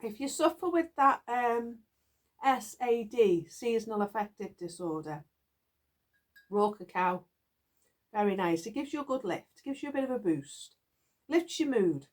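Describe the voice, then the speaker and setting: A woman's voice: a little high, big pitch swings, a little slow, pauses often. A middle-aged woman from the UK, chatting casually and rambling to her viewers, with frequent giggles, recorded in a garden shed. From United Kingdom. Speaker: knitting vlogger.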